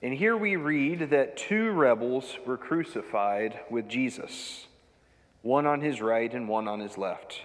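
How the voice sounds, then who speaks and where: A man preaching a sermon as pastor, reading scripture with measured delivery and dramatic emphasis on quoted lines. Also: medium pitch, expressive. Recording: long hall reverb.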